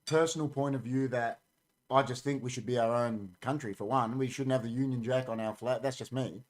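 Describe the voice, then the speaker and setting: A man's voice: medium pitch, fairly even intonation, fairly quick. An Australian man hosting a casual podcast, chatty and opinionated, reading out comments from a live chat. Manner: talks while eating, chatty and opinionated. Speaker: podcast host.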